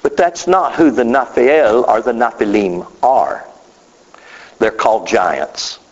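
A man preaching a sermon, emphatic and drawn out, with sudden rises and falls in his voice. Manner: emphatic, drawn-out phrasing with sudden pitch swings. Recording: dull sound with long hall reverb.

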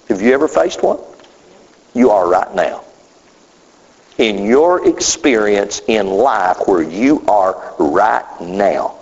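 A man preaching a sermon, emphatic and drawn out, with sudden rises and falls in his voice. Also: darkish tone. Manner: emphatic, drawn-out phrasing with sudden pitch swings. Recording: dull sound with long hall reverb.

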